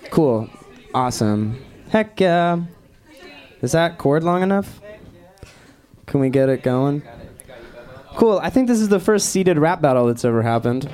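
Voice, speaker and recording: A man's voice: fairly high pitch, sing-song, unhurried, pauses often, darkish tone. A man hosting a casual live talk show, rambling and self-deprecating with lots of fillers. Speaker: host. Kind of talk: casual chat.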